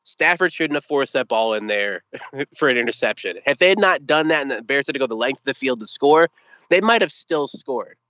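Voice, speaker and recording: Animated young man, bright, exasperated. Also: medium pitch, brisk, no echo, highs cut off. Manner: animated storytelling, exasperated, comic. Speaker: podcast guest, sports commentator. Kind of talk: casual sports chat.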